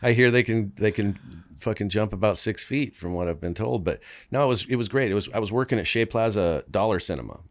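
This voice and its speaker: A man with a fairly low voice that swings widely in pitch as he tells crude stories. He talks casually and profanely and laughs through his anecdotes. He comes across as a podcast guest. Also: lively intonation, brisk. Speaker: podcast guest, band member. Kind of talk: casual storytelling.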